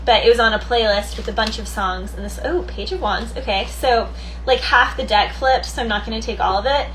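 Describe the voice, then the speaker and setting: Brief: woman tarot reader, fairly high voice, chatty and loose, thinks out loud, faint hiss underneath. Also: a little fast, poor audio. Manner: chatty, thinks aloud, laughs easily. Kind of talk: casual tarot card reading.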